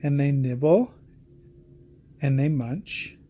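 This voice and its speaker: A woman's voice: extremely low pitch, slow pace, warm tone, slightly rough. A woman reading a rhyming picture book aloud in a rhythmic, sing-song way. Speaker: storybook reader.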